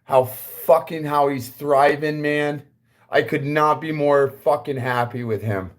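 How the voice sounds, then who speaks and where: A man with a fairly high voice walks viewers through a car audio build in his workshop. He talks in a chatty, profane, casual way and keeps speaking directly to his audience. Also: steady tone, unhurried.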